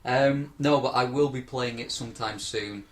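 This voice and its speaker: A man's voice: medium pitch, moderate pace. A man hosting a podcast in casual group chat, reading out questions and rambling with many hesitations.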